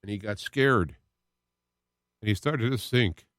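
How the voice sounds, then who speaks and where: A man's voice: fairly low pitch, slow pace, a bit bright, no room sound, clean studio sound. A man hosting his own internet radio show, talking about his faith in a rambling, heartfelt way that rises and falls with emotion. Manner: earnest, rambling, with restarts and emotional swells. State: close to tears at moments. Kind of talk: personal faith talk monologue.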